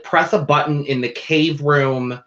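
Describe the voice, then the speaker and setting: A man co-hosting a casual recap show, chatty and animated, with playful asides. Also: a little high, a little slow. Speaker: podcast co-host. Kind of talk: casual chat. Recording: dull lo-fi audio.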